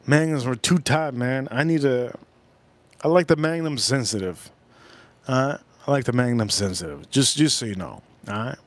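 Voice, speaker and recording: This medium-pitched man, an adult from South Florida who's older than in his youth, rambles casually through a live stream, talking straight to chat and repeating phrases. The recording sounds dry.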